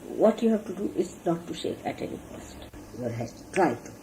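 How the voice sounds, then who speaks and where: Speaking briskly in a fairly low, dark voice with big swings in pitch, this woman preaches earnestly to her followers as a spiritual teacher. She instructs them on conduct and demonstrates every point with gestures, captured in a low-quality archival recording carrying a faint hiss.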